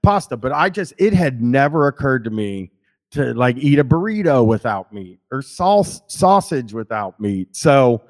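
A man's voice: mid-range voice, big pitch swings, measured pace. Rambling man swearing in casual chat. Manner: rambling, frequent restarts and swearing, laughs easily.

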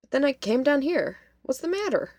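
A woman's voice: high-pitched, big pitch swings, normal speed, darkish tone, dry recording, voice pushed up. A woman voicing a busy, matter-of-fact young female college student. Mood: brisk.

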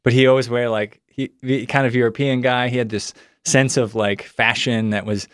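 A man's voice: medium pitch, steady tone, normal speed, smooth, no room sound, clean studio sound. A young man telling a personal story in a casual, rambling way, full of "like" fillers and acted-out quotes. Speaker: son of a missing hunter, guest.

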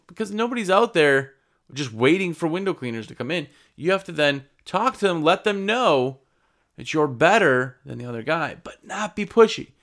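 Man, window cleaning business owner, casual sales tips, fairly high voice, very animated pitch. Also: normal speed. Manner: conversational, acts out customer exchanges. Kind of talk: casual sales advice talk to camera.

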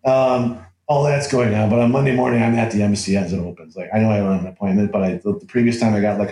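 A man's voice: lowish voice, fast talker. A man telling a story as an interview guest, with lots of laughs, restarts and acted-out quotes. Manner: animated, laughs often, acts out quotes with restarts. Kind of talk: casual anecdotal storytelling. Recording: roomy echo.

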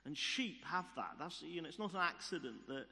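Guy preaching in church, kinda high voice, lots of hall echo, repeats his points. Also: animated, a little fast, gravelly, sharp tone. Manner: storytelling, repeats key phrases for emphasis. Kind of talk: sermon. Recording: long reverb of a church hall.

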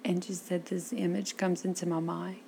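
Gravelly woman telling stories. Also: lowish voice, normal speed, slight background noise. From south Louisiana. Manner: lively storyteller acting out quoted speech. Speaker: interview guest. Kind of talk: casual storytelling interview.

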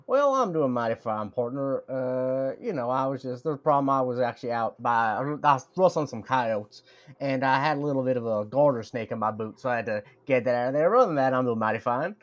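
A man putting on a folksy Old West cowboy voice with a slow drawl. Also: mid-range voice, lively intonation, muffled recording, lightly acted.

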